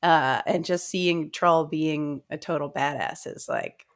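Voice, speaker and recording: A woman's voice: sits low, takes it slowly, over a noisy crowd. A woman co-hosting a podcast in casual book talk, playfully acting out characters' lines in jokey voices. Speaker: podcast co-host.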